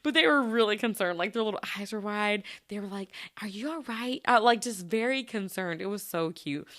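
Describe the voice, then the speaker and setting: A chatty woman hosting a solo podcast in a casual, giggly way. She talks straight to her listeners at a medium pitch. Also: a little fast, fairly bright tone. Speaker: podcast host.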